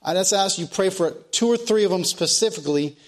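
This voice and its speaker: A man, a pastor, preaching a sermon and leading prayer in slow, emphatic phrases, sometimes repeating himself. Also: high-pitched.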